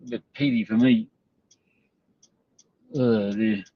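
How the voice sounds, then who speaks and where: A man's voice: fairly low pitch, fairly even intonation, slow, no room sound, dull audio. A man ranting on a livestream, sweary, confrontational and rambling. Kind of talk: livestream rant.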